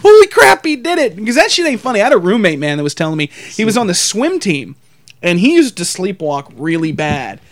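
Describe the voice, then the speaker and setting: A young man with a high voice talks crudely with his co-host, swearing freely and laughing. He bursts into loud shouted impressions. The sound is dry and close. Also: big pitch swings, brisk, no echo. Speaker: podcast co-host. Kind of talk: crude casual banter.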